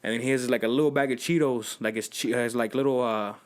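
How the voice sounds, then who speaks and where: A man's voice: medium pitch, fairly even intonation, fast talker, clean tone. A young man hosting a podcast, telling loose slangy stories in casual chat. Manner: loose slangy storytelling, acts out quotes. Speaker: podcast host.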